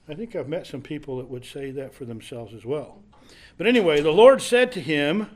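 A man's voice: a little high, lively intonation, a little fast, a little mellow. A man leading a casual Bible study, reading scripture aloud and then explaining it in a conversational way.

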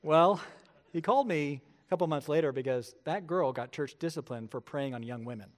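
A middle-aged pastor delivers a sermon in a somewhat high male voice. He tells stories with energy and acts out the voices he quotes. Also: brisk.

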